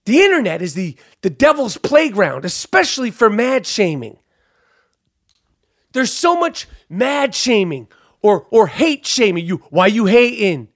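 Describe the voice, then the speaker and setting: A man hosting a podcast, ranting loudly and profanely about sports with lots of fillers. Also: sits high, sing-song, unhurried, dry recording, studio quality. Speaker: podcast host.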